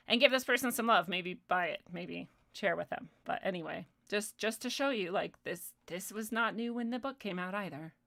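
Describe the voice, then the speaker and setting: A woman's voice: lowish voice, creaky, a bit bright. A young adult woman hosting a livestream, ranting in a heated, profane way with sarcastic asides. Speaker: livestream host. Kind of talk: casual commentary monologue.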